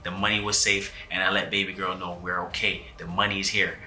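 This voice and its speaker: Man, dramatic storytime co-host, very bright tone, echoey room, faint music under. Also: low voice, little pitch movement, brisk, a little hiss or hum. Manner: intense, breathless storytelling with acted quotes. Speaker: channel co-host.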